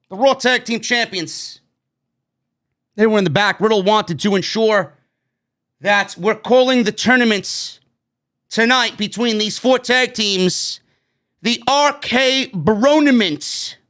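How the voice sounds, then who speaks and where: New york guy ranting about wrestling, high bright voice, swears a lot, yells. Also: expressive, slow pace, long pauses. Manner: loud profane ranting, frequent shouting. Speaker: wrestling show reviewer. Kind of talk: ranting show review.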